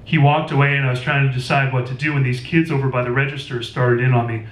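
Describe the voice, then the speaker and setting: A man's voice: mid-range voice, quick pace. Man reading his novel aloud in a store. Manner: plain, steady first-person narration. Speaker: author. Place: record store. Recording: roomy store, distant mic.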